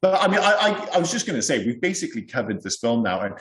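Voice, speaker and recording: A man's voice: mid-range voice, sing-song, fast talker, a bit bright. A man co-hosting a film podcast, rambling and chatty, with lots of restarts. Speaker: podcast co-host. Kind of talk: casual film chat. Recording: echoey room.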